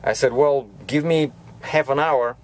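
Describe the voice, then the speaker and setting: Trucker guy in his cab rambling through a story, keeps saying right, middle pitched voice. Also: fairly even intonation, measured pace. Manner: rambling, with frequent restarts and "you know, right?". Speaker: truck driver. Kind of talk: casual storytelling vlog.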